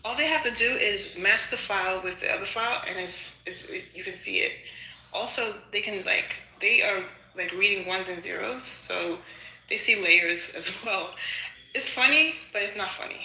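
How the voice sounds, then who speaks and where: A woman's voice: medium pitch, normal speed, sharp tone, echoey room, low-quality recording. A woman in a heated casual debate on an online audio room, insistent and talking over others.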